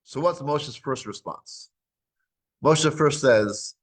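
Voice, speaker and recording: A man teaching a weekly scripture class, retelling the text as lively back-and-forth dialogue, with frequent restarts. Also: medium pitch, takes it slowly, rough recording.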